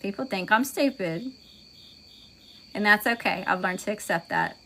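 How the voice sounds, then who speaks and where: A woman with a Southern US accent, a tarot reader hosting a livestream, moving between chatty, folksy talk with viewers and a calm guided meditation. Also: medium pitch, normal speed. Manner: folksy, chatty, says y'all often.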